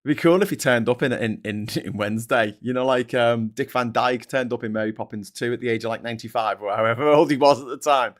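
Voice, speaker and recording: A man's voice: mid-range voice, fast, few pauses. A middle-aged man hosting a live stream, chatting casually and reading viewer comments, rambling and swearing, often laughing.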